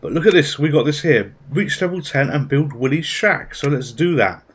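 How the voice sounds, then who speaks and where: A man's voice: fairly high pitch, moderate pace, a little hiss or hum. Man casually talking through a game. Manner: relaxed, thinking aloud, chatty asides. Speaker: gaming channel host. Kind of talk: casual gameplay commentary.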